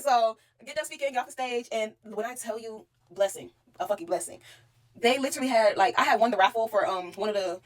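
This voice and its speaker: A young woman, telling her life story to camera in a casual, profane and animated way. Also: on the high side, a little fast. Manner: animated, profane, talks straight to the viewer.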